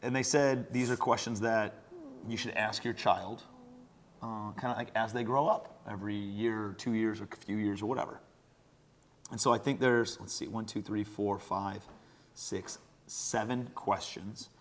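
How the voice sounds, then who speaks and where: A man's voice: on the low side, steady tone, normal speed. A man in his thirties hosting a podcast, talking in a chatty, easygoing way with loose fillers. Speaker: podcast host interviewing his daughter. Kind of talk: casual conversational interview.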